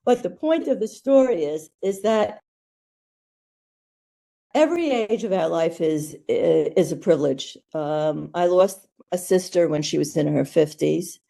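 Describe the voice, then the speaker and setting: This woman's dark voice sits on the low side with vocal fry, and her pace is a little slow. A U.S. nurse guesting on a podcast, she rambles bluntly through candid, conversational stories with plenty of fillers.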